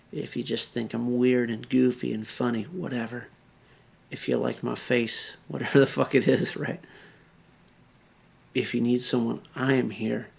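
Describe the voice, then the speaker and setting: Gravelly, husky drunk man pleading earnestly. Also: medium pitch, fairly bright tone. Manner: earnest, pleading, drops to whispers. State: drunk, slurring; near tears. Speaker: video blogger. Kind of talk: emotional direct-to-camera appeal.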